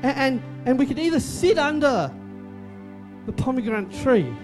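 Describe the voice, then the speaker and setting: Man, pastor, sermon, emphatic, repeats himself, animated pitch, faint music underneath. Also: moderate pace. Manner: emphatic, repetitive, jokey preaching.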